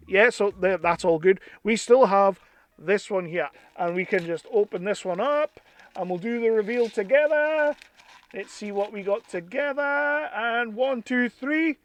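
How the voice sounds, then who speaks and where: An English man with a fairly high voice for a man, talking casually and eagerly about toys. His tone is chatty and bursts with excitement, and the recording is dry and close. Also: normal speed, no echo, soft background music. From England. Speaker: toy reviewer. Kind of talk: casual unboxing chat.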